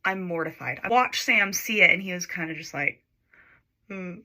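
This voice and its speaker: Bright-voiced young woman chatting casually. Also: fairly low pitch, lively intonation, brisk. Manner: chatty, lots of "like" fillers, giggles while telling. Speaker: makeup storytime creator. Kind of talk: casual storytime while doing makeup.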